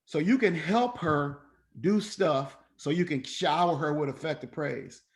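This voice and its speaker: A man leading a parenting class over an online call, talking informally, animated and profane, and slipping into other voices for quotes. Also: fairly high pitch, measured pace. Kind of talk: informal coaching talk.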